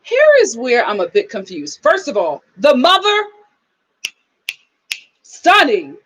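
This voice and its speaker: A young adult woman hosts a casual review of a reality show, her voice sitting a little on the higher side. She talks with emphatic, animated energy and slips into acting out the scenes she recaps. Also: takes it slowly, slight background noise.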